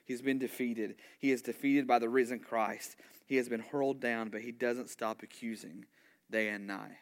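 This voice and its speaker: A male pastor in full sermon mode, animated and conversational, stumbling into restarts and repeated words. He keeps checking in with rhetorical questions to his congregation. His voice sits at a middle pitch for a man. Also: normal speed. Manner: asks the congregation rhetorical questions and call-and-response.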